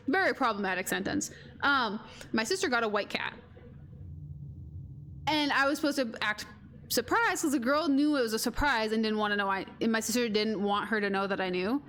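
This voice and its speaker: A woman's voice: a little high, fairly bright tone, slight background noise. Chatty woman streamer telling a story. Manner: rambling, chatty, quotes her sister. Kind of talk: casual storytelling while gaming.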